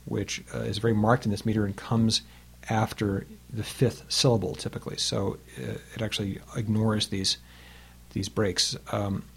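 A man's voice: on the low side, level tone, normal speed, gravelly, husky. A man in his fifties teaching a recorded lesson on Latin poetry, patient and explanatory, tapping out the rhythms aloud.

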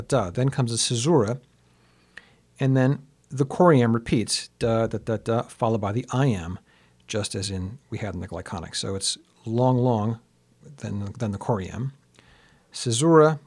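Deep-voiced man lecturing on poetic meter. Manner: explains patiently, taps out rhythms aloud; reads his translation slowly with rising emphasis. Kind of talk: lecture with poetry reading.

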